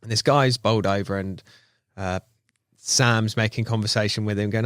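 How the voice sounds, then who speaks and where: A man's voice: fairly quick, no echo, studio quality. A man telling a funny story on a podcast, acting out the people he quotes. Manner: animated storyteller, acts out quotes with big pitch jumps. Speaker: podcast co-host. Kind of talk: casual chat.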